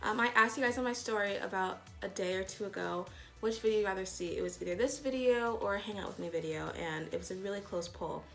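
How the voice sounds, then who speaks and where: Faint music plays behind a fast-talking young beauty vlogger whose medium-pitched voice is still groggy from sleep. She rambles casually and cheerfully while doing her morning makeup in a get-ready-with-me chat.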